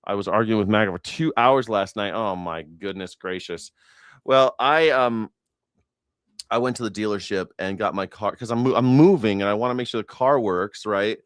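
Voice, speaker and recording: A man's voice: on the low side, moderate pace, smooth, dry recording, clean studio sound. A man doing casual livestream commentary, telling rambling, profane, jokey stories and acting out what people said. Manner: rambling, profane, jokey storytelling with acted-out quotes. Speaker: independent news and culture commentator.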